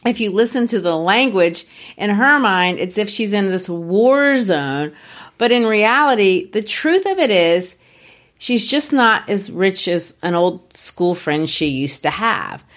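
A woman teaching literature analyzes a story in a conversational, emphatic way. Her voice sits at a middle pitch for a woman. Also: animated, a little slow, fairly bright tone. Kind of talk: literature lecture.

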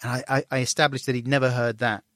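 A middle-aged man telling a candid story as an interview guest, self-deprecating, and animated when he acts out dialogue. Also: mid-range voice, fast talker, no room sound, studio quality.

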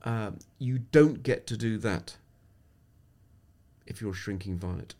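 A fairly low, slightly mellow voice moves a little slowly as a middle-aged English sports psychologist tells stories on a podcast. His delivery is reflective and anecdotal, with frequent sentence restarts.

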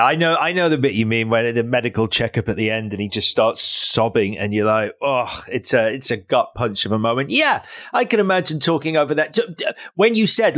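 A man hosts a casual podcast interview in an ordinary mid-range voice. He leads with playful questions, often pausing on small hesitations before going on. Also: mid-range voice, fairly bright tone. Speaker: podcast host.

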